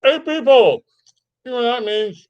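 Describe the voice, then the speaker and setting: A man's voice: very high-pitched, animated, normal speed, smooth, muffled recording. A man hosting a wrestling review podcast, chatting casually and thinking aloud, often restarting his sentences. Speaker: podcast host.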